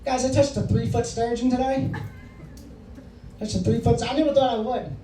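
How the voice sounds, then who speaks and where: A man's voice: very high voice, fairly even intonation, normal speed, mellow. A man doing a stand-up comedy set in a bar, rambling and self-deprecating and swearing freely. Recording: echoey room from far off, faint noise.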